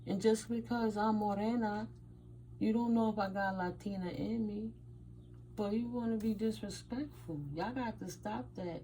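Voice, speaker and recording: A woman's voice: mid-range voice, fairly even intonation, normal speed, dark tone, slight background noise, poor audio. A woman from the United States doing a casual tarot reading and telling stories, blunt and emphatic, with Spanish words mixed in. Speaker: tarot reader.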